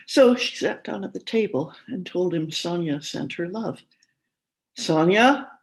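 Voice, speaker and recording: A woman speaking at a conference, reading a literary story aloud in a measured narrating manner. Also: low voice, a little mellow, rough recording.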